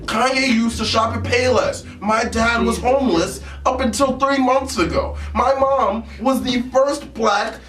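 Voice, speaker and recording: A man's voice: very high voice, measured pace, hardly any pauses, a bit bright, echoey room, distant mic, a little hiss or hum. A man doing a parody impression of a grandiose, rambling celebrity rapper talking about himself. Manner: grandiose, rambling, laughing through it.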